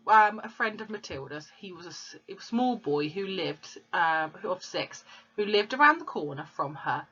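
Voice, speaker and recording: A woman's voice: lowish voice, pushed and bright, slightly rough. A woman reading a storybook aloud to children and explaining the pictures and words as she goes. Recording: dull lo-fi recording.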